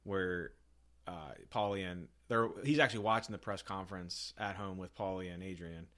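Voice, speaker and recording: A man's voice: low-pitched, moderate pace, fairly bright tone. A young man co-hosting a film podcast, retelling scenes with enthusiasm and quoting characters in put-on voices. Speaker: podcast co-host. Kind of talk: casual chat.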